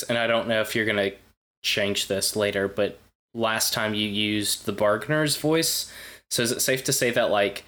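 A man's voice: on the low side, a bit bright. A man playing in a tabletop game, chatting in an easygoing way with the game master. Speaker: player. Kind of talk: casual tabletop game chat.

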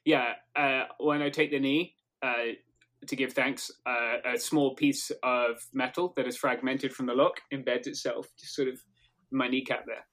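A man playing a tabletop role-playing game, narrating his moves in a halting, laughing way. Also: mid-range voice, little pitch movement, a bit bright. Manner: laughing, halting, trails off mid-sentence. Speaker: player. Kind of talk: casual tabletop game chat.

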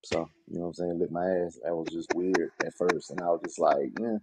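A man with a Southern US accent, co-hosting a podcast, telling crude stories in a low-key, mumbled way. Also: level tone, fairly quick, background noise. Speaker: podcast co-host. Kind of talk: casual storytelling chat.

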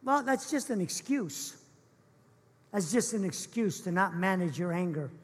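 A man's voice: high-pitched, expressive, measured pace. A man preaching a sermon as pastor in an earnest, emphatic, repetitive way. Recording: echoey church hall.

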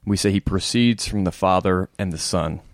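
A man's voice: deep voice, normal speed, no echo, clean studio sound. Wry, playful male seminarian. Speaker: seminarian guest. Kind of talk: casual podcast chat.

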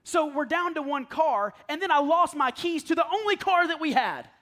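A man's voice: very high-pitched, expressive, normal speed, sharp tone. A man in his thirties preaching in a conversational, self-deprecating way, telling stories and often laughing. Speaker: pastor. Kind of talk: conversational sermon.

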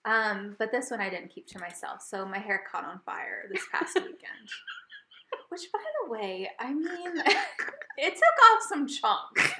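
A woman co-hosting a podcast, telling a story in casual chat, animated and laughing often. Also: a little high, a little slow, echoey room, background noise. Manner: animated, laughing often, gets loud when retelling. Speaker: podcast co-host.

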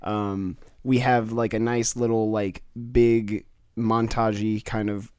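A man's voice: on the low side, little pitch movement, slow, darkish tone, clean tone, no echo, studio quality. A man in a casual podcast chat, talking hesitantly with many ums and likes. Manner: hesitant, filler-heavy.

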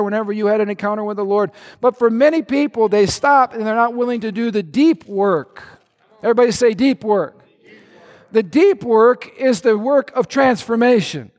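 A man preaching an animated sermon as pastor, calling on the congregation to answer him and shouting at his high points. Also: big-room sound. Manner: animated, shouting at peaks, call-and-response.

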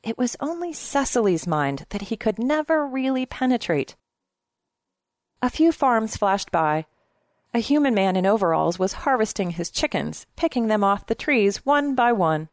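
A woman's voice: fairly high pitch, sing-song, normal speed, no room sound. Woman reading a story, dry sound. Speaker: narrator. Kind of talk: audiobook narration.

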